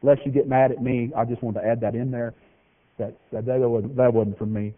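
Over a tinny, phone-like radio feed from a hall, a male pastor gives a sermon fairly quickly. His style is folksy and full of jokes, with lively shifts in pitch.

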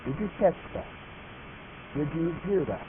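A man's voice: fairly high pitch, lively intonation, unhurried. A man preaching a sermon, speaking emphatically and asking his congregation questions. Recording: tinny phone-like broadcast audio with faint noise.

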